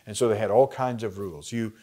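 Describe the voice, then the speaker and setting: A man with an American accent explaining a Bible passage in a conversational lesson, pausing with fillers. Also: on the low side, warm tone. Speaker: Bible study teacher. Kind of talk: teaching a lesson plan.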